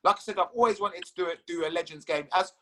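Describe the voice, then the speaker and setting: A man as an interview guest, telling stories in a casual, animated way, swearing freely and laughing at his own tales. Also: sits high, quick pace, crowd noise, low-quality recording. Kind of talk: casual storytelling.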